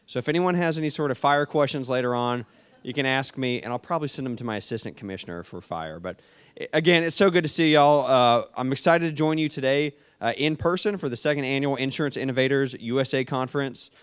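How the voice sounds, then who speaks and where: A man's voice: medium pitch, fast, smooth. A man with a down-home Tennessee accent, a state official giving a folksy, friendly conference welcome speech on stage. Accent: Southern US, Tennessee. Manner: folksy and friendly, says "y'all" often. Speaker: state insurance commissioner giving welcome remarks.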